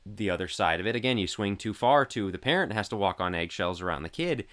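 A man speaks in a measured way, weighing one side against the other. His voice sits on the low side. It is a casual podcast discussion. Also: lively intonation, fairly bright tone.

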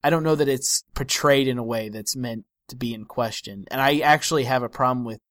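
A man's voice: medium pitch, a little fast, dry recording, studio quality. A man co-hosting a film podcast, giving wry, analytical opinions in casual discussion with frequent restarts.

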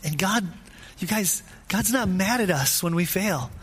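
Man, high voice, preaching informally, repeats phrases, asks the room questions. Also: animated, measured pace, a bit bright, slightly rough. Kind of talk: conversational sermon.

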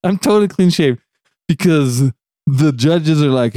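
A man's voice: a little high, unhurried, no room sound. A man on a podcast telling a story in an easy, chatty way. He laughs a lot and throws his voice around when he quotes people. The sound is dry and close. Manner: animated, laughs often, acts out quotes. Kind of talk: casual storytelling chat.

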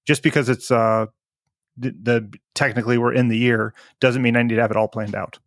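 A man's voice: mid-range voice, fairly even intonation, fairly quick, no room sound, clean studio sound. A man co-hosting a marketing podcast and running a small business, talking in a rambling way and correcting himself as he goes. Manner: rambling, meandering, self-correcting. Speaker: podcast co-host, business owner. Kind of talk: casual podcast chat.

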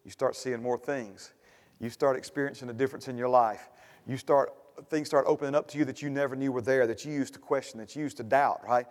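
A man's voice: medium pitch, fairly even intonation, brisk, a little mellow. A man preaching a sermon as pastor, building to emphatic bursts and repeating refrains. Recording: long hall reverb.

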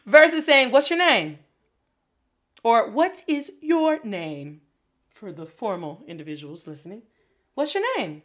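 A woman teaching a Spanish lesson, drilling phrases with lively repetition and switching languages. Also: a little high, a little slow, long pauses. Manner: animated, switches between English and Spanish, repeats phrases for drill. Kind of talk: energetic video lesson. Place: Detroit.

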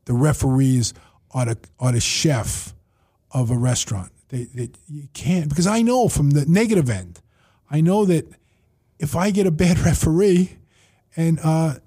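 A man's voice: on the high side, moderate pace, breathy edge. A man telling stories in a casual podcast chat, acting out his own and others' lines as he goes. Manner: animated storyteller, quoting himself and others. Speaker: facility owner and manager. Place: table in his facility.

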